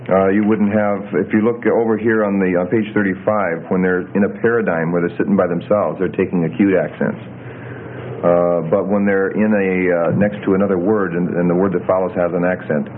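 Man, very low voice, Greek teacher, halting with fillers, tinny lo-fi classroom recording, faint hiss. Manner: halting, lots of uh and self-corrections. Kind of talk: classroom lecture.

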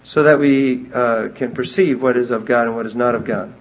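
Male Bible teacher, mid pitch, emphatic, animated delivery, dull lo-fi recording. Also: moderate pace. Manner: emphatic, animated, reads scripture aloud in King James wording.

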